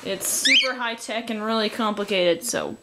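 A woman's voice: mid-range voice, normal speed, heavy background noise. Sarcastic young Canadian woman. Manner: sarcastic, self-mocking, mutters asides to herself. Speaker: artist drawing tutorial host. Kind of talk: casual drawing commentary.

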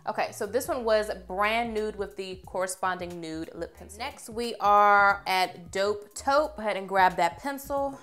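A young woman reviewing makeup on camera in a chatty, expressive way, gushing over what she tries. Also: medium pitch, moderate pace, hardly any pauses, soft background music. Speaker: beauty vlogger.

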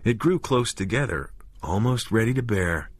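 A man narrating a horror audiobook in a measured, deliberate way. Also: fairly low pitch, animated, no room sound.

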